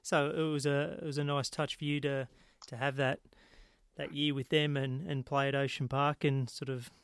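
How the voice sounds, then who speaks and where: Smooth-voiced male interviewer. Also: medium pitch, little pitch movement, no echo, studio quality. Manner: halting, repeats words while framing questions. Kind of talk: casual interview.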